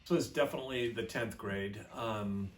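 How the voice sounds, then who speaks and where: A man's voice: lowish voice, moderate pace. A middle-aged man telling a personal story from his youth in a chatty, rambling way, with fillers and self-corrections.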